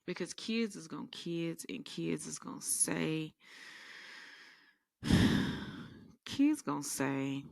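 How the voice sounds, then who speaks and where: A woman's voice: low-pitched, takes it slowly, creaky, long pauses, no echo, studio quality. A woman podcast host telling sassy, rambling comedic stories in a casual monologue. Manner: animated, rambling, sassy storytelling.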